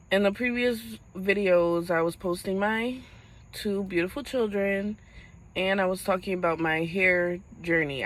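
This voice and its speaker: A woman's voice: lowish voice, a bit bright, poor audio. Woman tearfully telling a painful story. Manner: halting, fighting back tears. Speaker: vlogger. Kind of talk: personal storytelling vlog.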